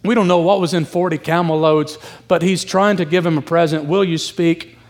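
Breathless conversational preacher, fairly high voice. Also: male voice, fairly even intonation, brisk. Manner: conversational, emphatic, acts out voices of the story. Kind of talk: expository sermon.

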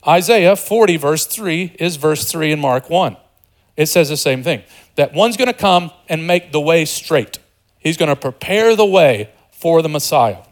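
A pastor preaching a sermon in an animated, conversational way, joking with the congregation and dropping to a hushed voice for quieter passages. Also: male voice, on the high side, a little slow. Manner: animated, swings between loud emphasis and hushed, softer passages.

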